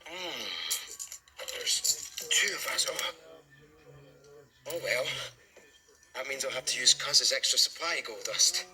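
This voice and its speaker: A man's voice: mid-range voice, expressive, slow pace, pauses often, bright, forceful tone, exaggerated voice. A man voicing a laid-back, slangy young conductor who talks breezily and sighs a lot. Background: music.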